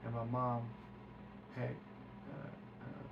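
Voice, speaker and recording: A man's voice: medium pitch, steady tone, takes it slowly, vocal fry, muffled recording. A man recounting a story as a guest, acting out quoted speech and swearing freely. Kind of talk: animated storytelling. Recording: distant mic with background hiss.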